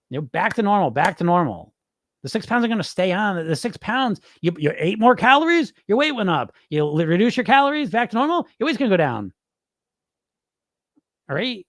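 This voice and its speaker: A man's voice: high-pitched, sing-song, a little fast, fairly bright tone, dry recording, clean studio sound. A middle-aged man hosting a weight-loss podcast, talking casually and bluntly, swearing freely as he coaches listeners and mimics panicked dieters. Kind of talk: casual live-stream coaching talk.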